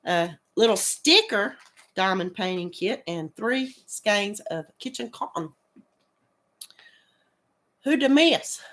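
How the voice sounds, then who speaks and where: A middle-aged woman with a rural American accent chats unhurriedly through a crafting live stream, her voice rising and falling in a lively way. She has a cold and coughs now and then, laughing easily as she greets viewers. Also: medium pitch. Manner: chatty, laughs often, greets viewers by name. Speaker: crochet channel host. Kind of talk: casual live stream chat.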